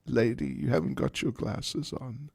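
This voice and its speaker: A man voicing a bold, quick-witted young woman who talks arrogantly and cheekily. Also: mid-range voice, very animated, gravelly, husky, dry recording, full character voice. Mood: brash. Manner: loud, brash and cheeky.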